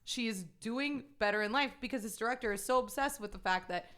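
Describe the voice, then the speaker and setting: A woman's voice: a little high, fast, a bit bright. A woman co-hosting a podcast in casual chat, recapping a film in an exasperated, laughing way. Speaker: podcast co-host.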